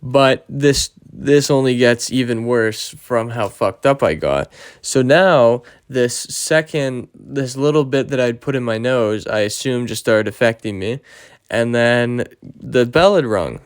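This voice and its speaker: A man's voice: mid-range voice, unhurried, clear, resonant tone, no echo, clean studio sound. A young man telling a story in a rambling, casual way, with lots of swearing and fillers. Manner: rambling, profane, lots of fillers like "you know" and "right?".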